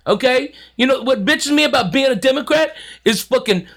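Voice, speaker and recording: A man on a casual podcast rants loudly, mocking and swearing as he goes. His voice sits very high for a man. It is bright and sharp-edged. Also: expressive, brisk, creaky. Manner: loud, profane, mocking.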